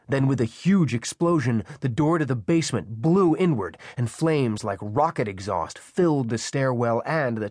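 A man's voice: mid-range voice, no echo. Man narrating a thriller, dry. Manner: tense, dramatic reading. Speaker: audiobook narrator. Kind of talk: scripted narration. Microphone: close studio mic.

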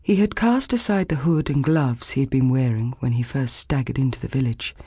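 A woman narrating a children's fantasy audiobook in a measured, expressive storytelling manner, recorded close in a studio. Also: a bass voice, slightly rough, no room sound. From Australia. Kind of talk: scripted narration.

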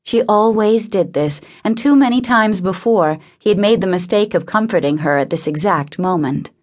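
A woman reading a novel aloud in a measured, intimate narration. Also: mid-range voice, a little mellow. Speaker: audiobook narrator. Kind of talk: scripted narration.

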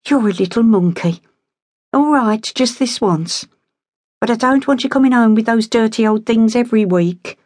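Woman narrator as a stern, proud mum, brisk and raised. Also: a little high, a little mellow, dry recording, studio quality, voice pushed up, lightly acted. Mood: scolding. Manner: brisk, exasperated, fiercely proud. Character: hardworking, proud, stern working-class mother.

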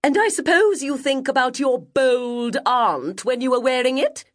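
A woman voicing a prim, sanctimonious woman guardian who scolds a child, reading an audiobook. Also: animated. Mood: sour, stern. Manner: shrill, preachy, slow and deliberate.

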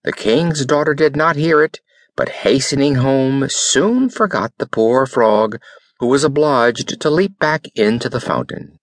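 A man's voice: mid-range voice, measured pace, no echo, studio quality. A man narrating a fairy tale as an audiobook reader, telling it expressively. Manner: expressive storytelling.

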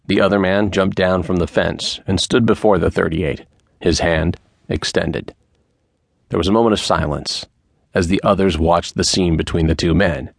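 Male audiobook narrator: very low, slow and measured, dry close sound. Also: steady tone, vocal fry, dry recording. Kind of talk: scripted narration.

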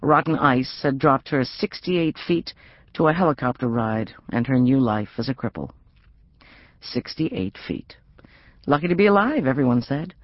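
A middle-aged woman narrating an audiobook in an expressive, wry reading. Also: sits low, no room sound, muffled recording. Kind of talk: scripted narration.

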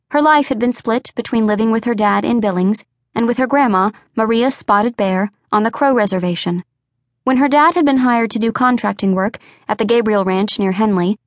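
A woman narrating an unabridged audiobook in a measured, even storytelling voice. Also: mid-range voice, dry recording, studio quality.

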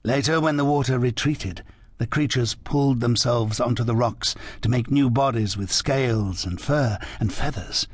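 A man's voice: mid-range voice, husky, no room sound, natural voice. A man voicing a dreamy, mysterious French woman. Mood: musing. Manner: slow, hushed, musing speech. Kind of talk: audiobook character reading.

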